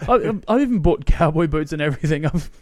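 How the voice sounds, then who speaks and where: A man's voice: a little high, lively intonation, quick pace, warm tone, dry recording, studio quality. A man with a mixed New Zealand and Australian accent, hosting a casual podcast chat and laughing as he tells stories. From New Zealand, grew up in Australia. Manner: chatty, laughs often, acts out quotes. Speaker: podcast host.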